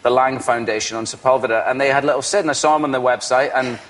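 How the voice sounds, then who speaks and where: Scottish man, forties, talk show guest, relaxed rambling chat, mid-pitched voice. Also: quick pace, a little hiss or hum. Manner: chatty, self-deprecating, trailing off and restarting. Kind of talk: casual chat.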